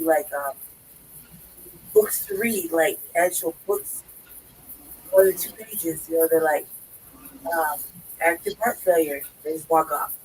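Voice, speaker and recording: Sick woman talking quietly, half-whispered. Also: fairly low pitch, distant mic, slight background noise, low-quality recording. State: sick, in pain, coughing. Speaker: guest on a talk stream.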